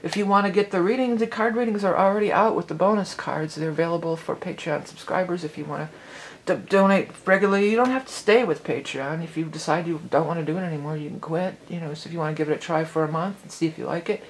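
A woman's voice: fairly low pitch, fast, a little hiss or hum. A middle-aged woman hosting an astrology channel, chatting casually and rambling with lots of "you know". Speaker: psychic astrology channel host.

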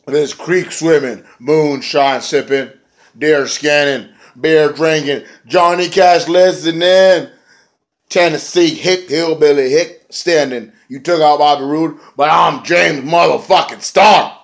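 A man's voice: fairly high pitch, takes it slowly. Man doing a boastful hillbilly wrestler. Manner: boastful rhythmic listing. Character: brash hillbilly male wrestler bragging.

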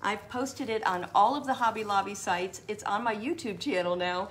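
A woman's voice: medium pitch, moderate pace. A woman hosting a live craft tutorial, chatting and rambling as she answers viewers by name.

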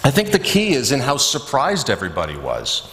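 A man's voice: mid-range voice, huge pitch swings, fairly quick. A man doing a kind, chatty churchwoman. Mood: explaining. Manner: kind, upbeat, explaining gently. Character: warm, chatty middle-aged churchwoman. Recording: echoey church with long reverb.

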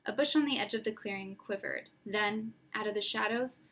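A woman narrating a storybook aloud in a steady, expressive way. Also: medium pitch, normal speed. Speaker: reader.

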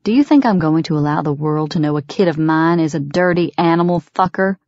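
A woman's voice: fairly low pitch, normal speed, a little mellow, no room sound, natural voice. A woman reading as a fanatical, contemptuous middle-aged father, a villain in an audiobook who sneers and threatens. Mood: menacing. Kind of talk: audiobook character voice. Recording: dry, dull lo-fi recording.

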